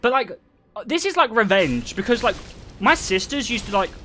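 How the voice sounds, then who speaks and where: A young man streaming and chatting casually, telling stories in an animated way with frequent laughter. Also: high-pitched, moderate pace, a little hiss or hum. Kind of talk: casual chat.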